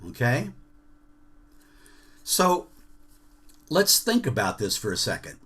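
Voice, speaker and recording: A man teaches a jazz rhythm workshop over a video call. He speaks slowly and deliberately, with a bright, forceful tone. He breaks off into sung rhythm syllables and checks that everyone is following. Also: medium pitch, wildly swooping pitch, slightly rough.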